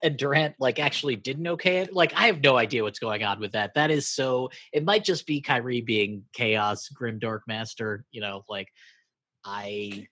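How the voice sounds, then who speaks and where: A man from Brooklyn, co-hosting a podcast in a relaxed way. He muses and thinks out loud, with plenty of "like" and "you know." His voice sits at an ordinary pitch on a dry, close mic. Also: moderate pace, no room sound. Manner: musing, laid-back, thinks out loud with many fillers. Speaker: podcast co-host. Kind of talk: casual sports chat.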